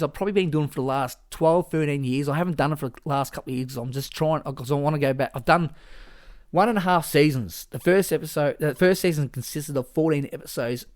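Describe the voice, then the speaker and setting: Male solo podcast host, mid-pitched, loose and chatty, swears a lot. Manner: rambling and casual, with frequent swearing and restarts.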